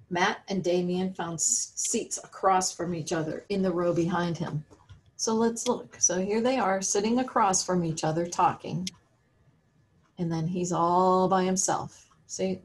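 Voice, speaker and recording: A woman's voice: medium pitch, darkish tone, a little hiss or hum, rough recording. An American woman in her role as a religious education teacher, reading a story to children. She tells it expressively and keeps stopping to ask her listeners how they would feel.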